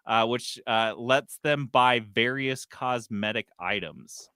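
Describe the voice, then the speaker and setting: Casting: male podcast host, bright tense tone, dry close mic, animated rants. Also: mid-range voice, slow, smooth, no echo. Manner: animated, swearing, ranting. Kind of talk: casual gaming news chat.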